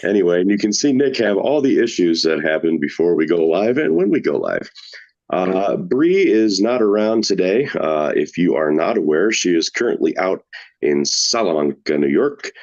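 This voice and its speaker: A man's voice: low-pitched, very animated, moderate pace, a little mellow. A man hosting a paranormal podcast, joking around loosely and rambling with fillers. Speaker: podcast host. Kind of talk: casual podcast chat. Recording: dull lo-fi sound.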